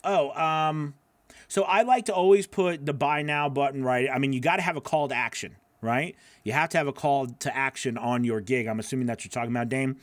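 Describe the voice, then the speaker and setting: A man's voice: medium pitch, fairly quick, no echo. A man hosting a live voiceover class, answering viewer questions in a loose, chatty way, with lots of fillers and laughing at himself.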